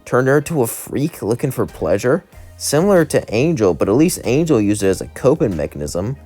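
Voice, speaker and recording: A man's voice: mid-range voice, very animated, a little fast, mellow, faint music behind. A man casually narrating a fan-made what-if story in a loose, rambling way. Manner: casual, loose, keeps saying "would say".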